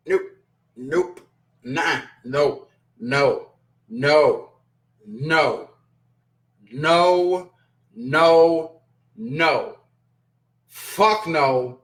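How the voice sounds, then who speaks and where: A man with a high-pitched voice hosts his own casual stream and chats straight to his viewers. He rants bluntly and profanely, sounding thoroughly exasperated. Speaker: show host reading chat. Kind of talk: casual live-stream commentary.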